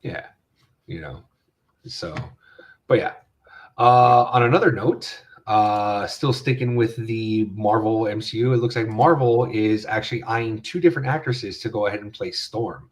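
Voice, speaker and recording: A man's voice: on the low side, unhurried. A man hosting a casual podcast chat, rambling with fillers and restarts. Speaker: podcast host.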